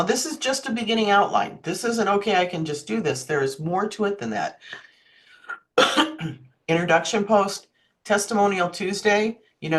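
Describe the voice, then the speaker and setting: A woman giving an online marketing workshop on a video call, chatty and often checking in with her listeners. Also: on the low side. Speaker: marketing presenter.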